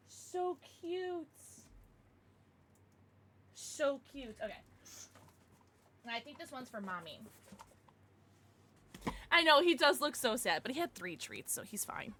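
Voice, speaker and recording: A young woman chats on a home livestream, gushing over gifts and cooing at her dogs. Her voice is bright and fairly high and swoops around a lot, and she takes her time. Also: sing-song, a little slow, pauses often. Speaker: streamer. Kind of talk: casual livestream chat.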